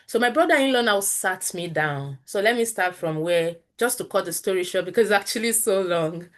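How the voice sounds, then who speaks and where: A woman's voice: medium pitch, animated, brisk. Nigerian woman telling her story. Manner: candid, earnest, slips into Pidgin phrases. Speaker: interview guest. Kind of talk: personal storytelling.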